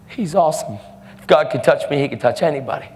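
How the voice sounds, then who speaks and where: A man's voice: on the high side, lively intonation, moderate pace, darkish tone. A man preaching a storytelling sermon in an earnest, casual way, often repeating his words. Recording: echoey hall with faint music.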